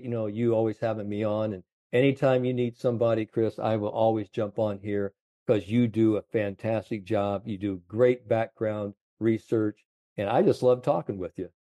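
A man in his seventies, a golf confidence coach, telling animated stories in an interview, full of "you know". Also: fairly low pitch, no room sound, studio quality. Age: 70s. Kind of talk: storytelling interview chat.

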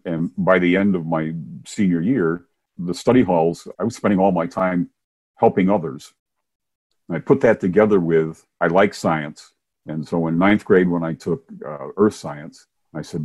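An older man, a Methodist minister and former science teacher, telling his story in a relaxed interview with chuckles along the way. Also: low voice, moderate pace, slightly rough. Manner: warm anecdotal storytelling with chuckles. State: hard of hearing, wears hearing aids.

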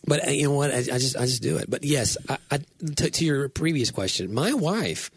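A man with a husky, slightly breathy voice, chatting casually as a co-host. He tells rambling stories, full of restarts and filler words. The sound is close and dry, with no room around it. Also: mid-range voice, lively intonation, fairly quick, no room sound. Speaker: podcast co-host. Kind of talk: casual chat.

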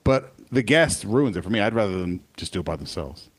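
A man's voice: on the low side, husky. A man hosting sports radio, chatting casually and opinionatedly about football broadcasters. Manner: animated, opinionated, quick restarts.

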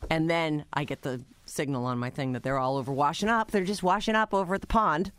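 A radio show co-host in casual chat, telling anecdotes in an animated way and laughing along the way. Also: mid-range voice, a little fast, smooth, no room sound.

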